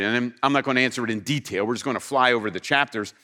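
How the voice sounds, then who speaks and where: A man preaching a sermon to a congregation, animated and emphatic, acting out the scripture he quotes. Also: medium pitch, fast talker. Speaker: pastor. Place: church with slides.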